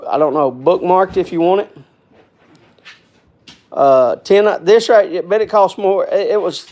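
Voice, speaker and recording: High-voiced, rambling man chatting to viewers. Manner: rambling, repeats himself, folksy; gets worked up then calms. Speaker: host of a live stream. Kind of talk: casual live-stream chat.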